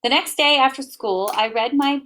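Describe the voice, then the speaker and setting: A woman reading a children's picture book aloud in an expressive, gentle first-person narration. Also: sits high, moderate pace, a little hiss or hum. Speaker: storybook reader.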